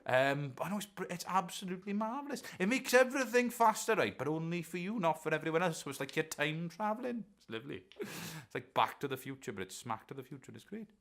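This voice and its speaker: An actor playing a middle-aged washed-up rock star in an improvised mockumentary interview, deadpan and halting with many ums. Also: male voice, fairly high pitch. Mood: rambling. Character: rambling washed-up male rock star looking back.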